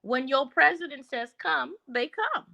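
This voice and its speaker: A woman's voice: high voice, animated, a little slow, vocal fry, sharp tone, dry recording. A woman panelist in casual commentary with a blunt, teasing way of talking.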